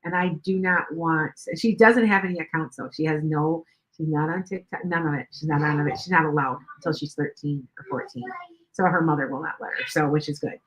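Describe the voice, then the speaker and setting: A woman's voice: low-pitched, a little fast, a bit bright, low-quality recording. An older woman hosting a tarot livestream, chatting casually in a rambling way with many restarts. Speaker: tarot reader livestream host.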